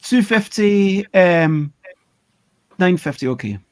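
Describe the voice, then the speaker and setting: Guy chatting at game night, kinda high pitch, hesitant. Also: lively intonation, slow. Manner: plain and hesitant, with many ums. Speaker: game designer and player. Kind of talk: casual game chat.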